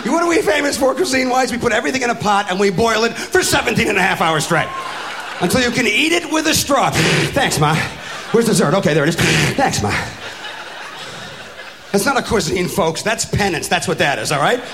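A man's voice: high voice, expressive, quick pace, a bit bright. A male stand-up comedian with a brash, crude way of delivering punchlines. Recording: noisy live stand-up recording.

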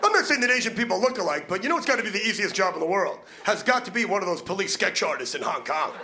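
A male stand-up comedian with a brash, fast-talking manner, needling the crowd from a comedy club stage during a live set. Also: high voice, big pitch swings. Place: comedy club stage before a laughing audience. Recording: noisy live club recording.

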